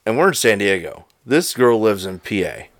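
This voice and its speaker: A man co-hosting a podcast, telling a story in casual, profane, animated chat. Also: lowish voice, normal speed, no echo, clean studio sound. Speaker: podcast co-host.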